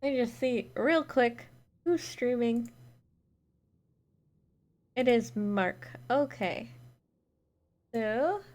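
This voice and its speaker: Woman, esports caster, live stream chat, unhurried, slightly high voice. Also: a little mellow. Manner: chatty, reads out chat and thanks viewers. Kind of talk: solo live-stream casting between games.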